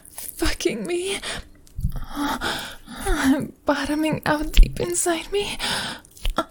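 Slow, high, whispering woman in role-play. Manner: breathy, intimate, drawn-out whispering. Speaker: audio role-play performer.

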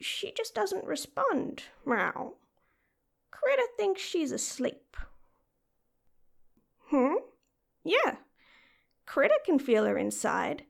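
A woman voicing a meowing cat-girl, high and creaky. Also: big pitch swings, slow pace, long pauses, exaggerated voice. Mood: playful. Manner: refers to herself in third person, meows often. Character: playful female house cat in a young woman's body. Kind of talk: audio role-play addressed to the listener.

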